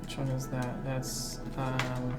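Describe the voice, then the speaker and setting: A man narrating as game master of a tabletop game, pausing often with ums and uhs. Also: mid-range voice, completely flat delivery, over loud music. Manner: hesitant, many ums and uhs.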